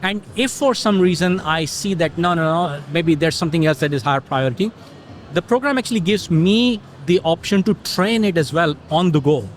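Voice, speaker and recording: Higher-voiced middle-aged man explaining. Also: lively intonation, a little fast, slight background noise. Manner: explanatory, tells stories with quoted dialogue. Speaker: interview guest, technology consultant. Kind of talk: casual conversational interview.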